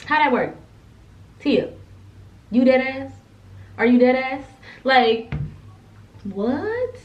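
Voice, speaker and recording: A young woman in her twenties, a soldier, telling a casual story time with animated, expressive and profane delivery. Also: fairly high pitch. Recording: echoey, distant, dull room recording.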